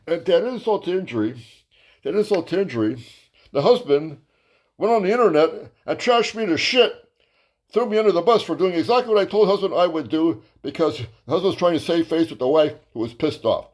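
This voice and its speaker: A man telling a rambling, profane stand-up story as host of his own comedy show. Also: a little fast. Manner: crude, profane, rambling with fillers; lively, jumps to high voices for quotes.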